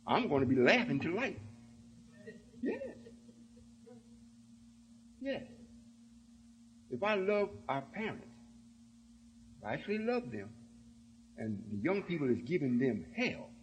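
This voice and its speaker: A man's voice: fairly high pitch, big pitch swings, unhurried, long pauses, dull audio, a little hiss or hum. A man giving an emphatic sermon-style talk to his followers, often checking that they understand. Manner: emphatic, keeps asking "you see?". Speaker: religious speaker.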